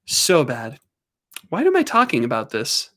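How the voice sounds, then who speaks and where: A man hosting a livestream, telling a casual story at home in an animated way, laughing and doing squeaky voices for his dogs. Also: unhurried. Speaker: livestream host.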